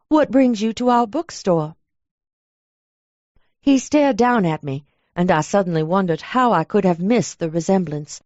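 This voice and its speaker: Dry, lively woman narrating an audiobook. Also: on the low side, no room sound. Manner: lively, chatty storytelling. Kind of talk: first-person audiobook narration. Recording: dull lo-fi dry recording.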